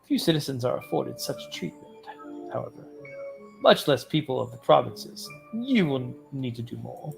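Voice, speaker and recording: A woman voicing a stern imperial officer in a game, with a lowered, clipped and formal delivery. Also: big pitch swings, moderate pace, gravelly, faint music behind, heavily acted, rough recording. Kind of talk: reading game dialogue aloud.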